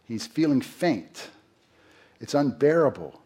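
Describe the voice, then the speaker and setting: A man's voice: medium pitch, very animated, takes it slowly, warm tone, breathy edge. A middle-aged man preaching a sermon in a conversational way, asking the congregation questions and acting out quotes. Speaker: pastor.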